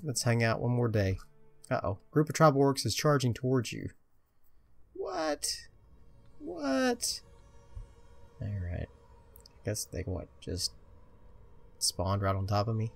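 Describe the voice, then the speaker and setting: A man's voice: fairly low pitch, unhurried, gravelly, pauses often, soft background music. A man casually commenting on his own video game play, muttering to himself and joking at his own expense. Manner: chatty, muttering to himself, self-mocking. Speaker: gameplay commentator.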